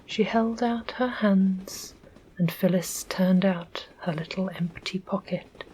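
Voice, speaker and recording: Give me a slow, soft-whispering English woman for whispered ASMR narration. Her voice sits slightly low and unhurried, calm and hushed the whole way through, with faint ambient noise behind it. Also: poor audio. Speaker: audiobook narrator.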